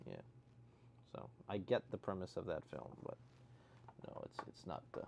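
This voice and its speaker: A man's voice: sits low, normal speed, vocal fry, darkish tone, a little hiss or hum. A man hosting a casual livestream, reading viewer comments aloud and answering them with dry, sarcastic jokes. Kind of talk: casual chat.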